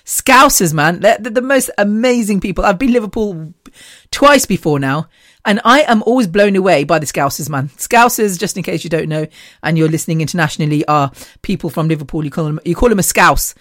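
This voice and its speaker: A woman's voice: on the low side, fairly quick, a bit bright, no room sound, clean studio sound. Gushing, chatty woman podcaster. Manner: gushing and chatty, with frequent laughs. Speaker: podcast host. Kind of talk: casual monologue.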